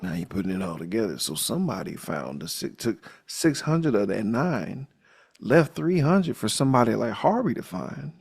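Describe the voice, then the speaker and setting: A man's voice: fairly low pitch, normal speed, creaky, husky. A man hosting a podcast, recapping a movie in a casual, jokey, profane way. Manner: animated, profane, jokey storytelling. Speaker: podcast host.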